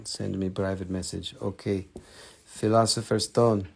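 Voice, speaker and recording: Playful man, Russian accent, selling crystals on a live stream, slow and unhurried. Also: sits low, flat delivery, gravelly, noisy background. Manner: playful, broken English. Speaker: online crystal seller. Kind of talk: live-stream sales show.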